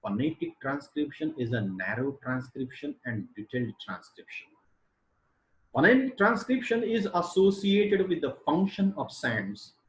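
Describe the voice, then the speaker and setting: A man teaching English phonology in a webinar lecture, slowing down to demonstrate stress and intonation on example words. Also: on the high side, lively intonation. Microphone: computer mic for an online webinar. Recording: roomy echo.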